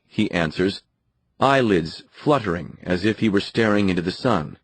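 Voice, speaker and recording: A man reads a scripted nonfiction story in a measured, dramatic manner. His voice sits low. The recording is dry and close, with no room sound. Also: animated, husky, no room sound. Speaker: narrator. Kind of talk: scripted audiobook narration.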